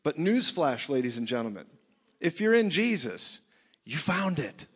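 A man preaching a lively sermon to a church gathering, joking with the crowd and rising to shouts. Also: fairly high pitch, a little slow, husky. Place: church meeting hall. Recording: dull sound in a reverberant hall.

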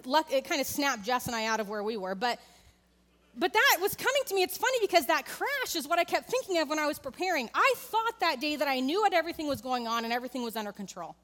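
A woman's voice: sits high, very animated, fast, fairly bright tone, in a large hall. A woman in her thirties giving a conversational sermon in a church, telling a candid family story and talking directly to the congregation. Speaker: church speaker. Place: church sanctuary.

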